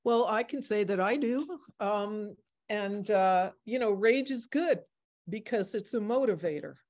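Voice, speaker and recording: A woman's voice: mid-range voice, animated, a little slow, a little mellow. A woman in her sixties, the artist presenting her work, talking in a rambling, chatty way with many fillers. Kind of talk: casual Q&A discussion.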